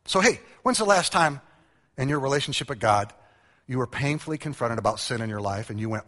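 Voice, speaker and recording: Animated preacher man in a reverberant hall. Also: medium pitch, fairly quick. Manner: animated storytelling, acting out quotes, self-mocking humor. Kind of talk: humorous sermon. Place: large church hall. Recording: church hall with long reverb.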